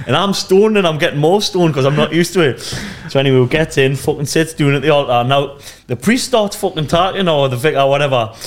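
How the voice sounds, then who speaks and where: Slightly high man telling stories. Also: brisk, hardly any pauses. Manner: animated, swearing storyteller. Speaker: guest. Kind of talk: casual storytelling chat.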